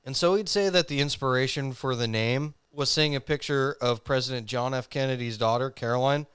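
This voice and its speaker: A man's voice: medium pitch, fairly quick, a bit bright, smooth, dry recording. A man co-hosting a casual podcast, telling a history story in a jokey way and laughing often. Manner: jokey, laughs often, reads facts loosely.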